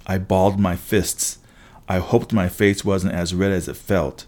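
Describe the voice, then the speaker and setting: A man reading a first-person story aloud as an audiobook narrator, steady with wry asides. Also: sits low, measured pace.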